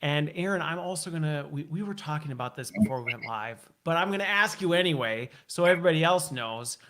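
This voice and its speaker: A man's voice: a little high, lively intonation, a little fast, background noise. A man hosting a live online talk show, chatting casually and upbeat, laughing often and teasing his guest. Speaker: host. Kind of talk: casual livestream chat.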